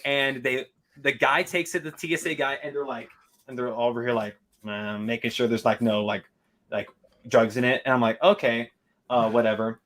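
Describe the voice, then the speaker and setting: A man from Chicago tells a story in a casual chat, bright and lively in tone. He swears freely and acts out what people said to him. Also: medium pitch, moderate pace. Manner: animated, swearing, acts out quotes. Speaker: podcast co-host.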